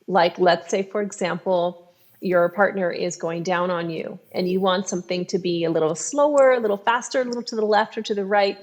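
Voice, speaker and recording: A woman sex therapist talking on a podcast, explaining advice in a calm, instructive way. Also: lowish voice.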